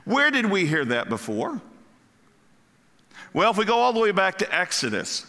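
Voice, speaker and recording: A man preaching a sermon as pastor, animated and asking the congregation questions. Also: a little high. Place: church sanctuary. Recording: long hall reverb.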